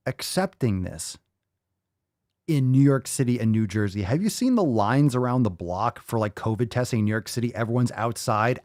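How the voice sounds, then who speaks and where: A man hosts a livestreamed podcast, ranting with constant swearing and sarcasm as he reads viewer comments. His medium-pitched voice is a little mellow, recorded in studio quality with no echo.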